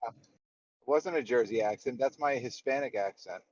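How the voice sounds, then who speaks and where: A man's voice: medium pitch, moderate pace, dull audio, crowd noise. A man who co-hosts a live trading stream, bantering bluntly with his friends, teasing them and swearing freely. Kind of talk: casual banter.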